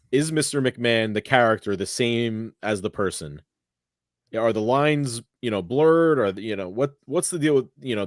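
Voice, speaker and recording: A man's voice: medium pitch, dry recording. Easygoing man on a dry mic. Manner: easygoing, steers the segments. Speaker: podcast co-host. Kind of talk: casual chat.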